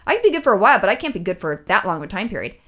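A woman telling a story in casual chat, animated and swearing freely, acting out what people said. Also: medium pitch, rapid-fire.

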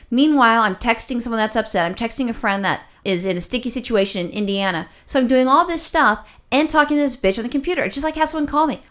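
Profane, exasperated woman ranting. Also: on the high side. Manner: animated, rapid rambling with restarts. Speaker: podcast co-host. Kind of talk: casual chat.

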